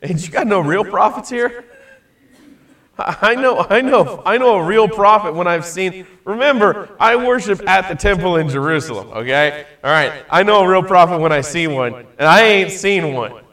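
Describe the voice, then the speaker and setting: A grumbling, folksy ancient king, raised in pitch and scoffing at the fakes in front of him, as a man acts him out for a class. He drawls his words in plain country talk. The voice sounds a little distant from the microphone. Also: animated, moderate pace, a bit bright. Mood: indignant. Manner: drawling, colloquial, indignant. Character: folksy exasperated ancient king, male adult.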